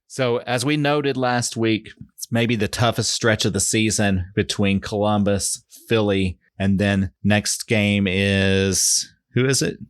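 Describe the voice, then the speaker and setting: A man's voice: on the low side, dry recording, clean studio sound. A man hosting a casual podcast, upbeat, steering the talk and laughing often. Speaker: podcast host. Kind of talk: casual chat with scripted previews.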